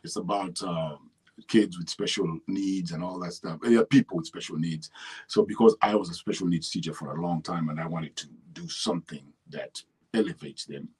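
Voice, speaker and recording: Husky low-voiced Kenyan man. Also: normal speed, low-quality recording. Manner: rambling, restarts often, animated when telling stories. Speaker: actor and writer, interview guest. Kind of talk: relaxed conversational interview.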